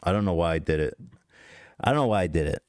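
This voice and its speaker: A man with a low, deep voice tells a confessional story on a podcast. He rambles, swears freely and cuts himself off mid-sentence. The sound is close and dry. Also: lively intonation, quick pace, darkish tone, smooth, dry recording. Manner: rambling, profane, self-interrupting. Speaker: podcast host.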